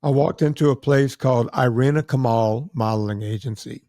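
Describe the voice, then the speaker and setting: A middle-aged man hosting a podcast, telling a lively story and acting out the other people's lines. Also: mid-range voice, normal speed, no room sound, studio quality. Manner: animated storyteller acting out quoted voices. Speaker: podcast host. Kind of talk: casual storytelling chat.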